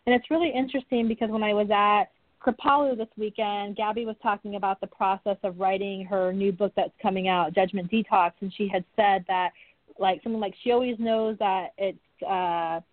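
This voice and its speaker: A woman's voice: medium pitch, steady tone, fairly quick, no echo. A woman guest speaking candidly about her book, open and earnest. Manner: earnest, open, warm-hearted storytelling. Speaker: podcast guest, author. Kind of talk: candid interview talk. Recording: dry tinny phone line.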